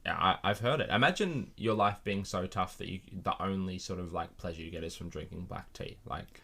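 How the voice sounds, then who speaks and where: A man's voice: deep voice, fairly quick, vocal fry, bright, forceful tone, breathy edge. Young male podcast co-host, playful and jokey, easy casual delivery. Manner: jokey, laughs often. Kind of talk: casual chat. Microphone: studio microphone.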